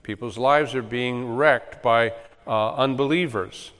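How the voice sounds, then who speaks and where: A man's voice: mid-range voice, takes it slowly, a bit bright. A man preaching in an earnest teaching manner, asking questions and answering them himself. His voice sits in an ordinary middle range. Long reverb trails each phrase, as in a church sanctuary. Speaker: pastor. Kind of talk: sermon.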